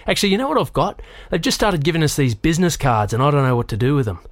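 A man's voice: fairly high pitch, animated, racing, no echo, voice pushed up. A man voicing a jovial, folksy country policeman. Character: jovial country policeman, early thirties, big.

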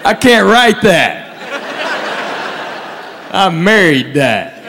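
A man works through a stand-up set, his voice higher than most and swinging widely as he acts out the folks in his stories. The sound rings with long reverb from a large hall. A crowd laughs faintly underneath. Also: big pitch swings, extremely slow, noisy background. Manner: storytelling with drawled Southern quotes. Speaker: stand-up comedian. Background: audience laughter.

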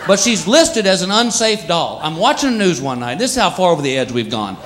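Animated stand-up comedian. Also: male voice, sits high. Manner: animated, does quick voices for bits. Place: live comedy venue with laughing audience. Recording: live stage recording with crowd noise.

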